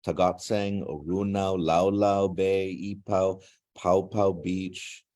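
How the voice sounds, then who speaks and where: A man with a low, mellow voice hosts a casual online class gathering. He is chatty and joking, slipping between two languages. He speaks through a video call. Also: flat delivery, slow pace. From Guam. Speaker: language class teacher and host.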